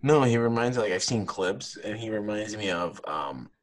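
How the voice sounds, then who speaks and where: A man's voice: on the low side, expressive, moderate pace. A man co-hosting a casual podcast, rambling with lots of fillers. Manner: laid-back, rambling with many fillers. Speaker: podcast co-host. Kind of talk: casual chat.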